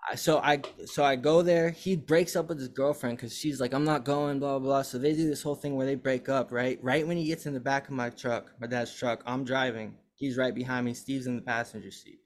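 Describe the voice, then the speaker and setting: A young man hosts a podcast and tells a long story in loose casual chat. His voice sits at an ordinary middle pitch, and he rambles and curses freely as he acts out what others said. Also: brisk, hardly any pauses. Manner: rambling, profane, animated retelling. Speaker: podcast host.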